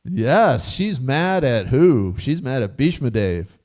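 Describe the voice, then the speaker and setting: A man giving a casual scripture class, telling stories with animated rhetorical questions and frequent chuckles. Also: mid-range voice, slow pace.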